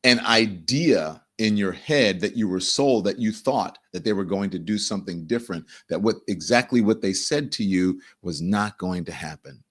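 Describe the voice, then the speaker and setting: A man's voice: lowish voice, husky. A man hosting a live political commentary show, talking straight to his viewers and repeating phrases for emphasis. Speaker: show host.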